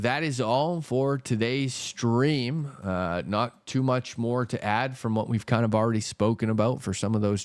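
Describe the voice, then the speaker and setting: A man's voice: mid-range voice, dry recording. A man hosting a stock market livestream, ranting in a casual, exasperated way, swearing often and repeating himself. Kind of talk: casual profane market rant.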